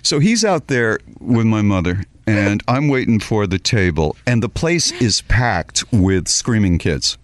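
Animated storytelling male radio host. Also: lowish voice, measured pace, hardly any pauses. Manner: animated, acts out quoted voices. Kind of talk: casual storytelling chat.

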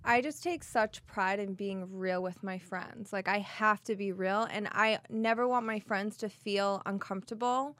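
A young woman co-hosting a faith podcast, telling stories in an animated, dramatic way. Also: mid-range voice, measured pace, few pauses, no room sound. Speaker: podcast co-host. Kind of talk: casual chat.

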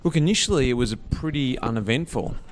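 A man's voice: medium pitch, expressive, quick pace. Chatty Australian man at a restaurant table. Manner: chatty, enthusiastic, laid-back. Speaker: retired pro cyclist turned podcast co-host. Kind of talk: casual chat over drinks. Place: small restaurant.

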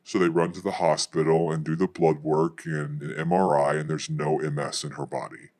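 A man, a pastor, telling a testimony story in a fast, narrative way. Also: very deep voice, level tone, a little mellow.

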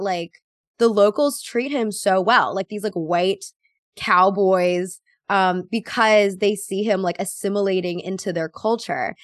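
A woman hosting a podcast in a relaxed chat, laughing often and trailing off. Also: medium pitch, no room sound, studio quality. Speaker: podcast host. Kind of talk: casual chat.

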